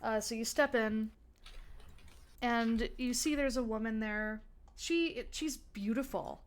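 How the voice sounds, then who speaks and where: A woman's voice: on the high side, slow. A young woman narrating a tabletop game as game master, chatty with many fillers and restarts.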